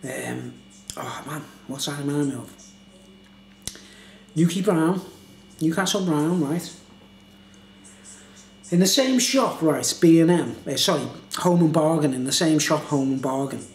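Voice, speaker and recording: A man's voice: on the high side, animated, a little slow, vocal fry, pauses often, a little hiss or hum. A tipsy man reviewing beer in a casual, meandering monologue full of filler phrases. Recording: echoey room.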